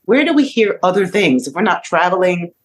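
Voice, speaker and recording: A woman's voice: on the low side, big pitch swings, brisk. Reflective woman in her fifties. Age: 50s. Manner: reflective, asks rhetorical questions. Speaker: podcast guest. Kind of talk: casual discussion.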